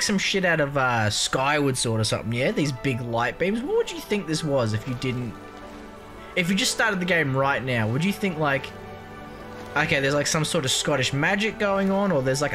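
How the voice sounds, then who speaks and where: A man's voice: a little high, big pitch swings, normal speed, music in the background. A man giving casual, rambling let's-play commentary, swearing freely and joking as he goes. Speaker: gaming channel host.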